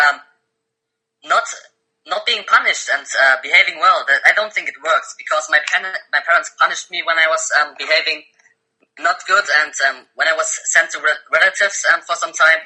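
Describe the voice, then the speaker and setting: German-accented man, halting and hesitant. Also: a little high, sharp tone, poor audio. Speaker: caller.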